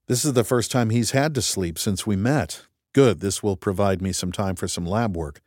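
A man's voice: lowish voice, normal speed, darkish tone, no room sound. A man reading a first-person audiobook in a dry, wry and methodical way. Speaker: audiobook narrator. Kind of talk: first-person scripted narration.

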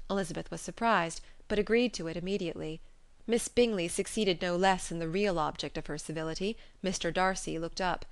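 A woman narrating a classic novel audiobook in an even, composed way. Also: lowish voice, brisk, dry recording.

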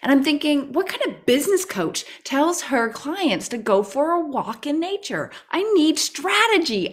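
A woman telling a personal story on a talk show, animated and full of restarts. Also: fairly high pitch. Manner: animated, with many restarts and excited rises. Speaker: co-host.

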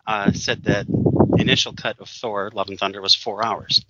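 A man's voice: lowish voice, fairly even intonation, moderate pace, very noisy. A man co-hosting a casual chat, opinionated and rambling as he reviews a film, laughing often. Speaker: podcast co-host. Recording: dull dry lo-fi sound.

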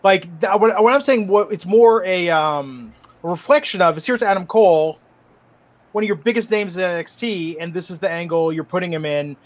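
A man hosting a casual wrestling podcast, talking in an opinionated, animated way with a dash of sarcasm. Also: high-pitched, normal speed. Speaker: podcast host.

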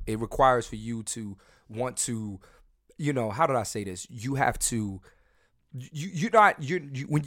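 A man's voice: mid-range voice, no room sound, clean studio sound. Brash, rambling man hosting a podcast. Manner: brash, profane, rambling with repeated restarts. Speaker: podcast host. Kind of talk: casual podcast chat.

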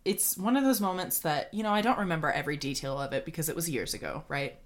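A woman's voice: low-pitched, quick pace. A woman co-hosting a podcast, telling a story in casual chat with frequent laughter. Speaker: podcast co-host.

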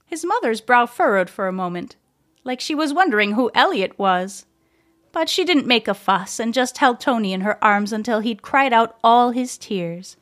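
A woman narrating a children's story aloud, gentle and measured. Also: fairly high pitch, expressive.

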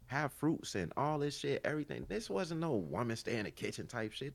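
A man's voice: medium pitch, a little fast, gravelly. A man with a Chicago accent co-hosting a podcast, telling stories in a loose, profane, slang-heavy way. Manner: animated, profane storytelling with slang. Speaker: podcast co-host. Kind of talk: casual chat.

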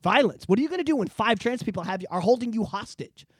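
A man's voice: high-pitched, expressive, fast talker, slightly rough, no room sound. A man hosting a casual podcast, from Canada, ranting emphatically with constant profanity. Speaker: podcast host.

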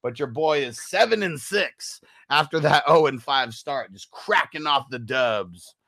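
A man's voice: on the high side, expressive, unhurried, pushed and bright, dry recording. A young man hosting a fantasy football stream, talking in a slangy, laid-back way and reading viewer comments aloud. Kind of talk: casual stream chat.

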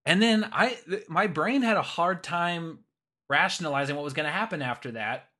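Bright-toned excitable man, swearing. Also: a little high, normal speed. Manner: excitable, swears freely, laughs often. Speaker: podcast co-host. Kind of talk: casual chat.

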